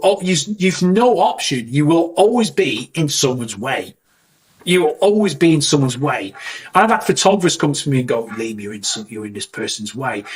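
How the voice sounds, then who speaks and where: A man's voice: a little high, breathy edge. A man, a wedding videographer, chatting casually to camera and rambling through stories with restarts. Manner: rambling anecdotes with many restarts and mimicked voices.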